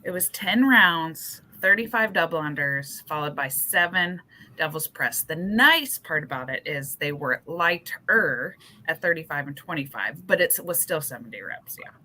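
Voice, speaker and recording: A woman in her forties co-hosts a podcast, telling lively stories and teasing her co-hosts. Her voice sits a little low, but it has a bright, forceful edge. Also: moderate pace. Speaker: podcast co-host. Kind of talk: casual chat.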